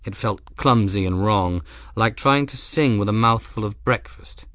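A man narrating an audiobook in a measured, expressive way. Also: lowish voice, dry recording, studio quality. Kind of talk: scripted narration.

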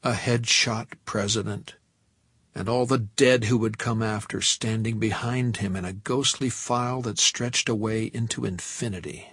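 Man, audiobook narration, gravelly, husky, dry close sound, measured first-person telling. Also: lowish voice, fairly bright tone, no echo.

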